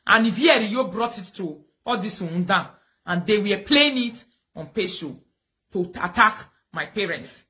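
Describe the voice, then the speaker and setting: A woman's voice: mid-range voice, animated, normal speed, pushed and bright. Outspoken Nigerian woman hosting a live stream. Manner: outspoken, talkative. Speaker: live video host. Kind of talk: casual live-stream talk.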